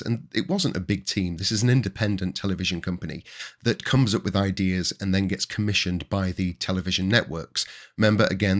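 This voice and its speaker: A low-voiced man in his forties from Yorkshire, England, hosts his own podcast with a Yorkshire accent. In a casual storytelling monologue, he shares chatty anecdotes from his working life, with bursts of excited emphasis.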